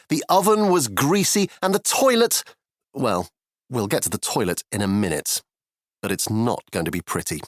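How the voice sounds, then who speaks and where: A man's voice: medium pitch, dry recording, studio quality. A man narrating a children's audiobook in a playful way, with cheeky asides to the listener. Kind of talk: scripted children's storybook narration.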